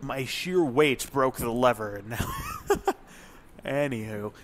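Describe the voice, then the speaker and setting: Profane, excitable game-commentary guy. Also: medium pitch, slow pace, slight background noise. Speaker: let's play host.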